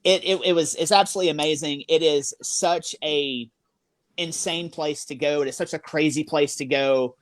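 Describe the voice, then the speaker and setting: A paranormal investigator telling an excited, rambling investigation story full of fillers. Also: mid-range voice, normal speed, no echo.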